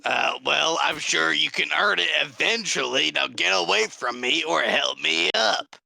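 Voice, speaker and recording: A man voicing a blunt, wary female adventurer in his own gravelly voice. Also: a little high, expressive, a little slow, sharp tone, no room sound, pitched above the performer's own voice, exaggerated voice. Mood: dismissive. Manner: blunt, dismissive. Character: curt wary adventurer woman.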